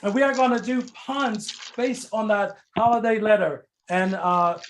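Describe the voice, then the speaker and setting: A man's voice: sits high, normal speed, a little hiss or hum. A man hosting an online improv comedy game over a video call, laughing often at the players' jokes. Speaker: improv show referee host.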